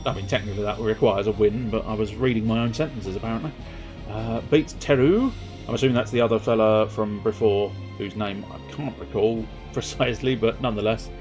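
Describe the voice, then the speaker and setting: A man's voice: fairly low pitch, steady tone, a little fast. A young man streaming a video game, chatting and rambling to viewers in a self-amused way, sometimes singing joke lines. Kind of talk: casual gameplay commentary. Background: faint game music.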